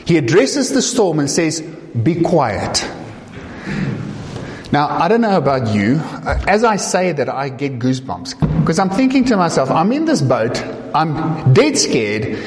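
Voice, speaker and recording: A man's voice: on the high side, very animated, normal speed, in a large hall, background noise. A man preaching a sermon, retelling a story dramatically, voicing the people in it and asking the listeners rhetorical questions.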